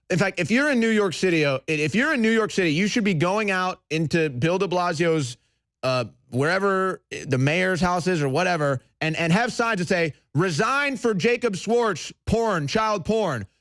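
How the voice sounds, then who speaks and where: Loud, animated ranting male talk host. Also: fairly high pitch, dry recording, studio quality. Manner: angry, shouting, mocking. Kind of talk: heated political talk radio rant.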